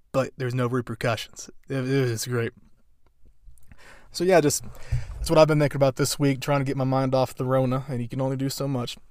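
A man's voice: medium pitch, a little mellow, no echo, clean studio sound. A young man hosting a podcast, telling stories in a rambling, amused way with lots of fillers. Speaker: podcast host. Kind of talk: casual storytelling.

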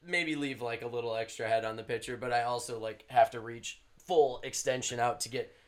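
A man's voice: medium pitch, fairly even intonation, a little fast. A man in his thirties telling a rambling bar story in casual chat, full of likes and acted-out quotes. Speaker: bartender and podcast regular.

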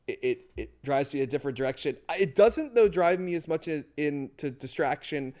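Male co-host, rambling casual music chat, slightly high voice, from the Northeast. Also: animated, brisk, a little mellow. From US Northeast, near New York and Philadelphia. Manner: rambling, thinks aloud with many fillers. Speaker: podcast co-host.

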